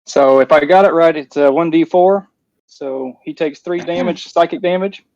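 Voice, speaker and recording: A man's voice: a little high, moderate pace, creaky, a little mellow, no room sound, muffled recording. A man playing a tabletop game, describing his character's moves in an upbeat way. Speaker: player.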